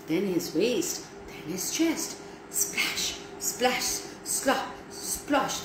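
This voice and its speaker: A woman reading a story aloud for children in an animated way, speaking to her young listeners. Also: medium pitch. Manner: animated, talks to listeners directly. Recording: echoey room, faint background noise.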